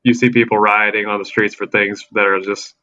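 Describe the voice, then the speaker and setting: A man's voice: lowish voice, flat delivery, fairly quick, pushed and bright, dull audio, a little hiss or hum. A man co-hosting a casual podcast, searching for words with many fillers. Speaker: podcast co-host. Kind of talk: casual group chat.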